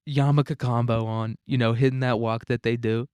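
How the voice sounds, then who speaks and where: A man's voice: medium pitch, steady tone, moderate pace, hardly any pauses, darkish tone, clean tone, no room sound, studio quality. A man hosting a solo podcast in a casual monologue, rambling and crude, often laughing at his own jokes. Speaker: podcast host.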